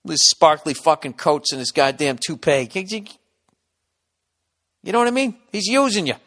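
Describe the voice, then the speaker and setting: A man's voice: a little high, big pitch swings, moderate pace, fairly bright tone, in a large hall. A man hosting a comedy podcast, talking in a blunt, rambling monologue with constant swearing. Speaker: podcast host.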